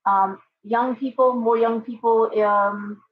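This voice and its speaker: A woman's voice: on the high side, fairly even intonation, slow, slight background noise. A woman hosting a casual livestream from home, chatting loosely and breaking off to talk to her pet bird. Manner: chatty, talks to her parrot in baby talk. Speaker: livestream host and tarot reader. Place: home room with open windows. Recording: dull lo-fi livestream audio.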